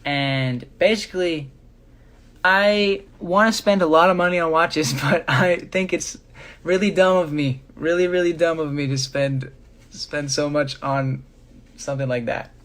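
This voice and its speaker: A man's voice: on the high side, a little slow. A young man chatting casually on a live stream, rambling with many fillers as he shows his jewelry. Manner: rambling, filler-heavy, relaxed.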